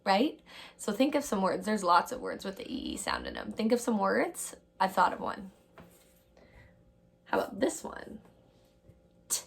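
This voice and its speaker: A female teacher with a medium-pitched, gravelly voice leads young children through a phonics lesson. She's warm and upbeat, drawing out each sound and addressing the kids as "my friends."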